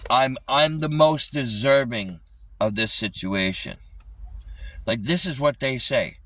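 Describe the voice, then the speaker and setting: Man, livestreamer, furious rant, heavy swearing, bright tense tone, dry sound a bit off the phone mic. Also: mid-range voice, slow, no echo, far from the mic, rough recording. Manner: angry, swearing constantly, repeats himself. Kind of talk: ranting live stream.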